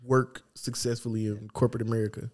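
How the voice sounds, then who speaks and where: A man's voice: mid-range voice, little pitch movement, fast, a little mellow. A man co-hosting a casual podcast, giving laid-back but emphatic opinions in slang. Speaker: podcast co-host. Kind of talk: casual chat.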